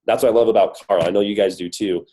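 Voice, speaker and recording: A corporate guest speaker on a team call gives a motivational talk, upbeat and emphatic and heavy on rhetorical questions, while his voice is worn from a cold. He talks fast in a fairly low, mellow voice with fairly even intonation. The recording is rough.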